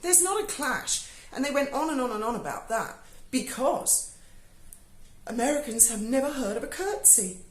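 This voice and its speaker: A woman's voice: fairly high pitch, very animated, normal speed, slight background noise. Woman ranting sarcastically, swears a lot, voice swoops all over, echoey room. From Britain. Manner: sarcastic, swears freely, mocking asides. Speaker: YouTuber. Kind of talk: sarcastic review monologue. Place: home in Spain.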